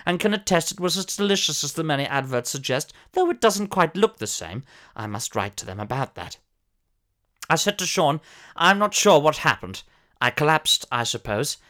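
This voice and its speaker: A man's voice: a little high, expressive, moderate pace, bright, forceful tone. A man playing a pompous, posh older former soap actor who tells a comic monologue in a plummy, theatrical voice with sudden shrieks.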